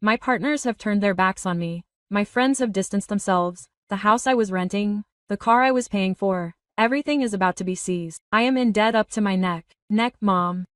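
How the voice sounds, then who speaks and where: A woman's voice: mid-range voice, normal speed, hardly any pauses, no echo, clean studio sound, far from the mic, close to an everyday voice. A woman voicing a desperate, remorseful grown son who confesses his ruin in a broken, pleading way. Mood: despairing.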